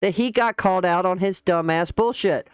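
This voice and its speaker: A woman's voice: lowish voice, normal speed, smooth, dry recording. A woman hosting a reaction commentary, sarcastic and dismissive. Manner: mocking, dismissive. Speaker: commentary host.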